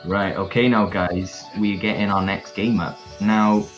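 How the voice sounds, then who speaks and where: A man's voice: on the low side, fairly even intonation, measured pace, lo-fi sound, faint music behind. A man with a Welsh accent casting an online fighting game tournament from home, chatting playfully and hyping up the viewers. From South Wales. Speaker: tournament caster. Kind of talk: casual live stream commentary. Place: home, indoors.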